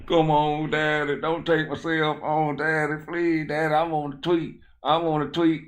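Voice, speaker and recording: A man's voice: flat delivery, a little slow, natural voice. A man voicing a scared grown son who whines and pleads with his strict father. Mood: whining pleading. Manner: whiny, begging, high and strained.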